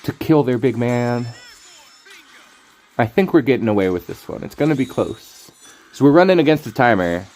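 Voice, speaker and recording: A man's voice: mid-range voice, expressive, normal speed, long pauses, a little mellow. A man streaming a card game, rambling through casual commentary, playful and laughing often.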